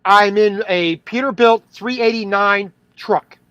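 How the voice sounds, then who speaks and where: Bright-voiced trucker rambling. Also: male voice, sits high, steady tone, takes it slowly, clear, resonant tone, no echo, dull audio. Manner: rambling, scattered, repeats words, laughs easily. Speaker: truck driver and livestream host. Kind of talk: casual livestream chat. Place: cab of a parked truck. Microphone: headset.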